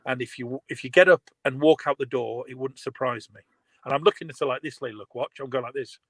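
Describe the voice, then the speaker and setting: A man's voice: mid-range voice, a little fast, no echo, low-quality recording. A man, animatedly telling a story over a video call. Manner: animated storyteller, laughs often. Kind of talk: casual video call chat.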